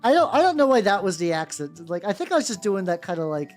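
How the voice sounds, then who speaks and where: A woman's voice: medium pitch, big pitch swings, fast, few pauses, faint music behind. A young woman streaming and chatting casually while she paints, rambling with lots of "like" and self-interruptions.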